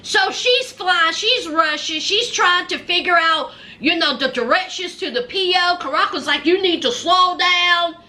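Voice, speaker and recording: A woman's voice: very high voice, expressive, normal speed, few pauses, bright, forceful tone. A woman recapping a reality show in casual chat, talking sassily and directly to the people on screen and to viewers in slangy speech. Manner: slangy and chatty, addresses viewers as y'all.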